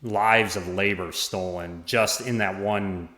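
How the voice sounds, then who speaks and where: A man talking as a podcast guest, in a halting way with many restarts and small laughs. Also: sits low, steady tone, bright, forceful tone. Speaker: podcast guest, former parish administrator. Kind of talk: casual conversation. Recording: roomy echo.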